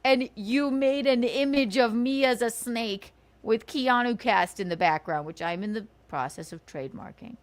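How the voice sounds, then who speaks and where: A woman's voice: a little high, normal speed, few pauses. A woman hosting a livestream, ranting sarcastically and profanely, scolding her critics between bursts of laughter. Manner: indignant, scolding. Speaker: livestream host.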